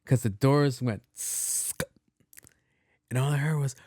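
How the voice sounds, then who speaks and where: Male podcast host, casual storyteller, slangy and profane, mid-pitched voice, dry close sound. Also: takes it slowly, pauses often, a little mellow, dry recording.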